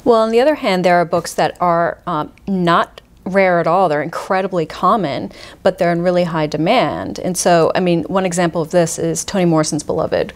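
A woman's voice: on the low side, normal speed. A woman who deals in rare books, talking enthusiastically and thoughtfully in an interview. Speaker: rare book dealer, guest. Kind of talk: conversational interview.

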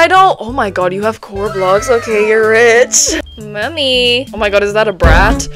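A woman's voice: medium pitch, expressive, normal speed, few pauses. A young woman giving casual commentary on her gameplay. She chats along and keeps breaking into panicked shrieks. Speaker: gaming streamer. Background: game music.

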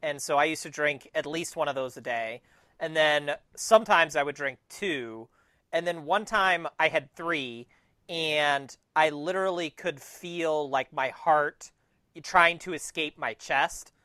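A man co-hosting a casual podcast, telling stories with self-mocking humor. His voice is bright and a little high. The recording is dry. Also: unhurried, no room sound. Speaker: podcast co-host. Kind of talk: casual chat.

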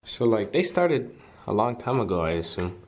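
A man's voice: fairly low pitch, big pitch swings, moderate pace, over loud music. A man vlogging in a playful, casual way, laughing often while he talks from inside a car. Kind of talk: casual vlog chat.

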